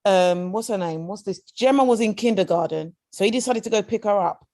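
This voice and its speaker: A woman's voice: mid-range voice, fairly quick, heavy background noise. A British woman co-hosting a podcast, chatting frankly and casually, often repeating herself as she talks. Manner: frank, repeats words, lots of filler phrases. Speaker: podcast co-host. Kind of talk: casual chat.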